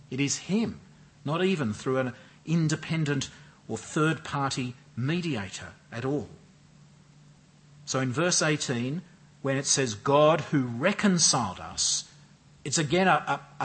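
Husky-voiced man preaching with lively emphasis. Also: medium pitch. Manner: measured, emphatic repetition with slow stressed phrases. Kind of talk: expository sermon.

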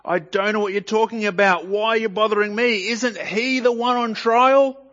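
A man's voice: fairly even intonation, normal speed, a bit bright, dull audio. A man voicing a flustered man who nervously and defensively denies knowing someone. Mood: exasperated. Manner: defensive, protesting, rising in pitch.

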